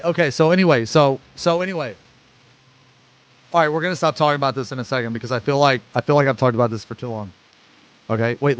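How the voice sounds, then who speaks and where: A man in his forties, a streamer chatting casually and rambling excitedly with lots of swearing. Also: mid-range voice. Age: 40s. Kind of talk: casual live-stream reaction chat.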